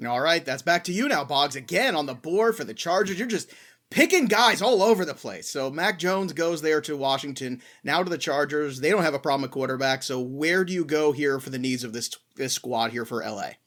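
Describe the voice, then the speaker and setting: A man's voice: fairly high pitch, lively intonation, a little fast, a bit bright. A man hosting a sports podcast, passing the draft picks between panelists in an easygoing way. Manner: easygoing, moving the draft along. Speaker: host. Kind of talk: casual sports chat.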